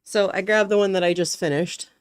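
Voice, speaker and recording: A woman's voice: medium pitch, steady tone, fairly quick, clean tone. A woman hosting a casual live stream, chatting in a wry, teasing way. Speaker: stream host.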